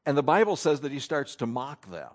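A man preaching a sermon to a congregation, folksy and animated, swinging between loud bursts and soft asides. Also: medium pitch, fairly quick. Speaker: pastor.

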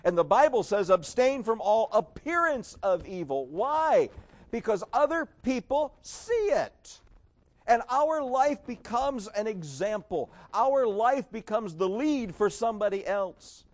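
Animated, sarcastic male preacher. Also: sits high, takes it slowly. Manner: emphatic, sarcastic, swings between loud and hushed. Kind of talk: sermon.

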